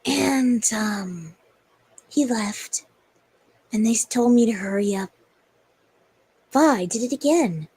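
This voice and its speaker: A woman's voice: fairly high pitch, expressive, slow, pauses often, a little mellow, slightly rough. A young woman telling a story on a livestream in a rambling, hesitant way with many fillers. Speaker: streamer.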